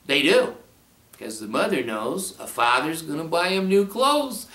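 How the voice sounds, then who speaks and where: A man's voice: fairly high pitch, big pitch swings, normal speed, sharp tone. A man counselor talking to camera in a casual monologue, blunt, sardonic and rambling. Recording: roomy sound from a distant mic.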